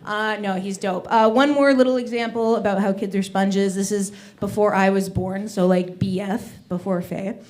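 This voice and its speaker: A woman performing a stand-up comedy set on a club stage, telling animated stories about kids. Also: mid-range voice, normal speed, hardly any pauses. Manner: animated storytelling, acts out kids' voices.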